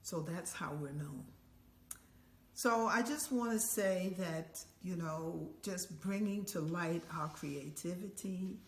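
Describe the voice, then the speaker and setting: An older woman telling a story as an elder, lively and acting out the voices and chants of the people in it. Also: lowish voice, slow, slight background noise. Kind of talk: oral storytelling. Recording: echoey room with faint ambience.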